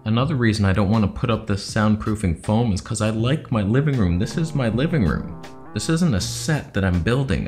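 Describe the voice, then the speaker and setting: A young man casually ranting to camera in his living room, sarcastic and jumping between loud jabs and low mutters. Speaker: YouTube host.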